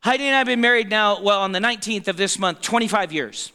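A man's voice: high-pitched, quick pace, pushed and bright, clean tone. A man in his forties preaching a conversational sermon to a congregation, often checking in with his listeners and laughing. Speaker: pastor.

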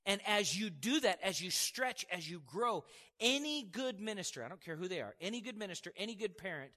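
High, bright-voiced male preacher. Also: long reverb tail. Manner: emphatic, conversational preaching with asides. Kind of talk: sermon.

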